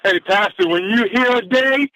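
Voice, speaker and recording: A man on a conference call giving an energetic, exclamatory motivational talk that keeps repeating its key phrase. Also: high-pitched, moderate pace. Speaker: caller. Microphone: phone. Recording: dull dry phone line.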